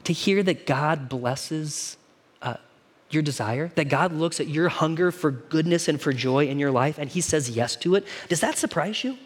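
A man's voice: fairly high pitch, lively intonation, moderate pace, slightly rough. A man preaching a sermon to his congregation in a casual, conversational way, often asking them questions. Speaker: pastor. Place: church hall.

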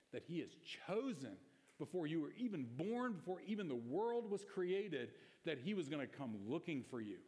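A man's voice: fairly high pitch, darkish tone. Conversational man preaching in a reverberant hall. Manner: conversational and emphatic, with rhetorical questions. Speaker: pastor. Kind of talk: sermon. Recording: long reverb of a church hall.

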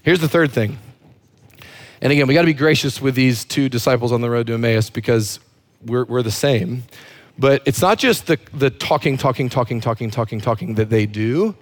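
A man's voice: medium pitch, animated, normal speed. A man preaching a sermon as a pastor, emphatic and fond of repeating words for effect.

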